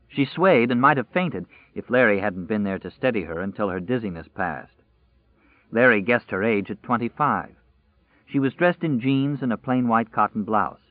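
A man narrating a novel in a measured, even storytelling voice. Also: mid-range voice, no room sound. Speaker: audiobook narrator. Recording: dry, tinny phone-like sound.

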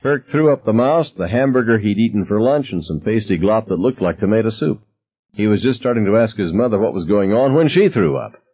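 Low, husky male audiobook narrator. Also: expressive, fairly quick, lo-fi sound. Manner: wry, reflective first-person storytelling.

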